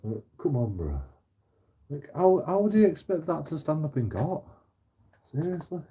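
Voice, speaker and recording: Husky guy ranting to his channel, swears a lot, keeps laughing, warm low tone. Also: sing-song, moderate pace. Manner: swears freely, laughs often, rambling with restarts. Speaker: channel host. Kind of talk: casual ranting commentary.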